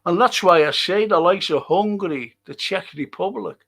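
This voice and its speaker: Older man, podcast host, rambling, chuckling, gravelly, slightly high voice. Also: moderate pace, a bit bright. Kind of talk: casual livestream talk.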